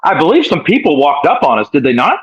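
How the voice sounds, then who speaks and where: A man's voice: fairly high pitch, big pitch swings, fast, lo-fi sound, crowd noise. A man co-hosting a live stream over a video call, joking and teasing. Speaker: co-host. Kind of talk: casual live-stream chat.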